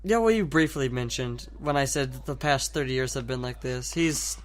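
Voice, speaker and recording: A young man co-hosting a casual podcast tells stories animatedly, laughing a lot. His voice is medium-pitched at a moderate pace, with slight background noise.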